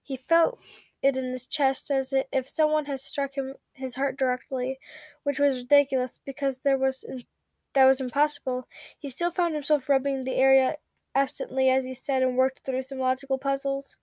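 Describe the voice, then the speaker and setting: A woman reading a story aloud at a steady pace, with small slips and self-corrections. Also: high-pitched, normal speed, dry recording. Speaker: fanfiction reader.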